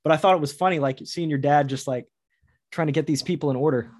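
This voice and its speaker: A man hosting a casual chat, quick and talkative, agreeing a lot and teasing his guest. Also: on the high side, darkish tone. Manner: quick and chatty, lots of agreeing "yeah"s and teasing.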